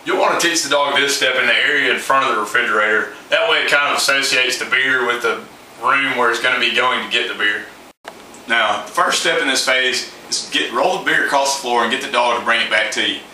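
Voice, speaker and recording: A man's voice: medium pitch, fairly quick, sharp tone, reverberant, far from the mic, slight background noise, rough recording. A man giving a plain, informal how-to talk on training his dog, folksy and loose with fillers.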